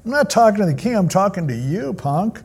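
Man putting on a cocky young leader with a raised, emphatic voice that is slightly husky. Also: sits high, sing-song, brisk, darkish tone, voice pushed up, exaggerated voice. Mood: taunting. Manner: cocky, taunting, pleading at times.

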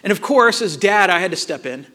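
Man, pastor, sermon, high voice, animated storytelling, acts out the dialogue. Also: brisk, slight background noise.

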